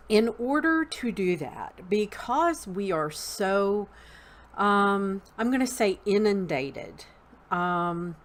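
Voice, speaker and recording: Slow, halting Southern woman teaching. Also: fairly low pitch. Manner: unhurried and halting, with frequent ums. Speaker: teacher of an online Wicca class. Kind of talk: unscripted spoken lesson.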